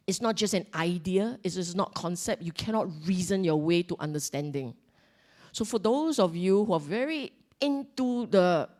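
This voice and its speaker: Singaporean lady teaching dhamma, lowish voice, emphatic, repeats herself, keeps asking the crowd "right?". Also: a little mellow. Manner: emphatic, repeats key points, asks listeners questions. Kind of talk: Dhamma talk to a congregation.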